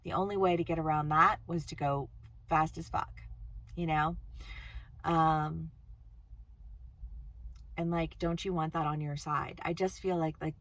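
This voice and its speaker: A woman's voice: low voice, fairly even intonation, measured pace, pauses often, fairly bright tone. A woman giving a casual tarot reading, chatty and blunt, swearing freely and laughing often. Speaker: tarot reader. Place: outdoors-ish on a windy day.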